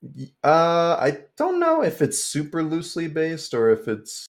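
A man's voice: fairly high pitch, huge pitch swings, unhurried. Rambling young man podcast host. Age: young adult. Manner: rambling, lots of filler words and swearing. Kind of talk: casual chat.

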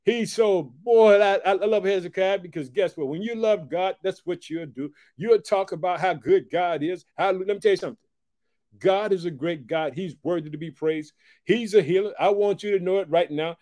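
Excited preacher man, mellow voice. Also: sits high. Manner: exclaiming, repeats "boy" and "check it out"; reads scripture aloud in a raised, drawn-out voice. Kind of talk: sermon.

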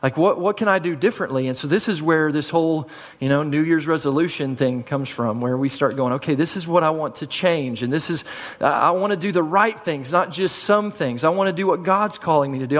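A man's voice: a little high, brisk. A man preaching a sermon in a conversational way, often repeating words and calling on the congregation to answer back. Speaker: pastor. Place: church sanctuary. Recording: hall reverb.

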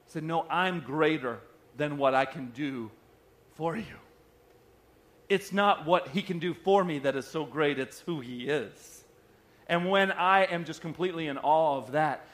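A man preaching a sermon as pastor, dropping soft and slow at times and then building up loud. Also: a little high.

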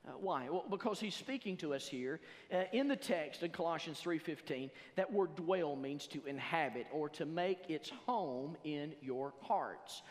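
A man preaching a sermon in a church, reading scripture slowly and building to loud emphatic passages. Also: fairly high pitch, animated, in a large hall. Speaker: pastor. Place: church sanctuary.

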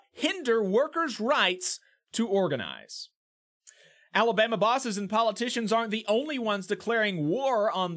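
A man's voice: high voice, a bit bright. A man hosting a labor news podcast, reading a news roundup with opinionated, sarcastic commentary.

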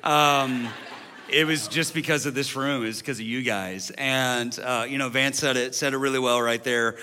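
A man's voice: medium pitch, fairly even intonation, moderate pace, bright, forceful tone, clean tone. A man in his forties, a senior pastor, talking candidly and emotionally to a young adult congregation, joking and interrupting himself. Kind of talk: preaching to a young adult service. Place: large church auditorium.

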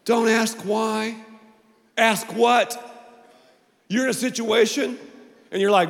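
A male pastor preaching a playful, animated sermon to a family audience, repeating phrases for emphasis. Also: sits high, measured pace. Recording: long reverb of a large hall.

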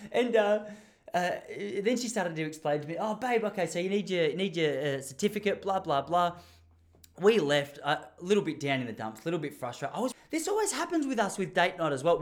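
A young Australian man telling a rambling story in a casual monologue, chatty with lots of restarts. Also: fairly high pitch.

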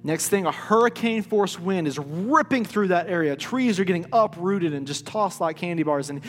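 High-voiced male pastor in a reverberant hall. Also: normal speed. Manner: lively storytelling, plays out quoted voices; drops to a hush for key points. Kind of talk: sermon. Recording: reverberant hall with faint music.

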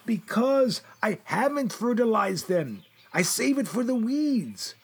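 A man's voice: extremely high pitch, big pitch swings, slow, breathy edge. A man performing a comedic gardener, who mutters to himself anxiously and talks fondly to his plants. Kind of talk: comedy sketch monologue.

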